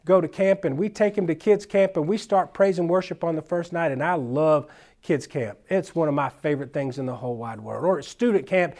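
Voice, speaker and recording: Man, children's minister, high voice, folksy, animated storyteller, casual slang. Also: brisk. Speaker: children's minister speaking at a conference. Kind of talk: storytelling conference talk.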